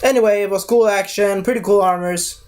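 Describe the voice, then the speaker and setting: A man's voice: sits high, fairly even intonation, a little fast, darkish tone. A man giving a casual spoken movie review, rambling, losing his thread and correcting himself as he goes.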